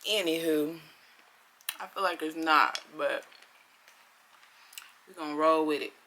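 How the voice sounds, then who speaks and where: A woman vlogging in casual chat, animated and giggly, with chatty asides and a drawn-out delivery. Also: deep voice.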